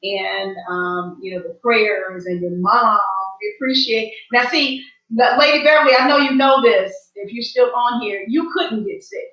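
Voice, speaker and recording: A woman's voice: a little high, normal speed, a bit bright. A woman hosting an online talk show, emphatic and devout, exclaiming often. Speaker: host. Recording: roomy, distant, lo-fi call audio.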